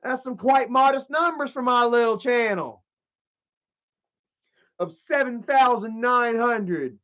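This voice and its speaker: A man with a very high voice rants on his livestream, cursing freely and tripping over his own words as he tells a story. The audio is dull and lo-fi. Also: slow, fairly bright tone. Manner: profane, rambling storytelling with many restarts. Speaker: livestream host. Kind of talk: casual livestream rant.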